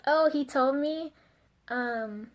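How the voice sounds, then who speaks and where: A woman's voice: high-pitched, slow pace. A young woman talking in a casual confessional vlog, chatty and giggly, full of fillers and flustered asides. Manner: flustered and self-conscious. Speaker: vlogger.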